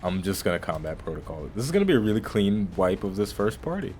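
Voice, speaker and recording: A man with a low voice gives casual let's-play commentary over his game. He rambles in a chatty way and often restarts his phrases mid-sentence. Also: very animated, fast, darkish tone. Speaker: gaming channel host.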